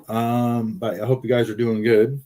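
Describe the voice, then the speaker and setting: A man's voice: mid-range voice, flat delivery, normal speed, mellow. A man hosting a casual livestream from his car, rambling and joking as he reads viewer comments aloud. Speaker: livestream host.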